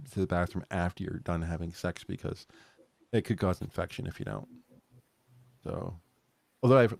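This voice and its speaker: A man's voice: low voice, gravelly, darkish tone, no room sound. A man co-hosting a podcast in loose, rambling chat, cracking jokes and laughing at his own asides. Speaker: podcast co-host. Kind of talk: casual chat.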